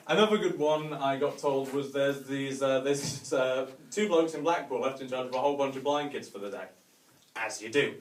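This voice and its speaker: A man from the North of England with a Northern English accent, doing a chatty, self-mocking stand-up routine with mild swearing. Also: a little high. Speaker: stand-up comedian. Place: large hotel venue with a live audience. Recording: echoey room, distant mic, faint noise.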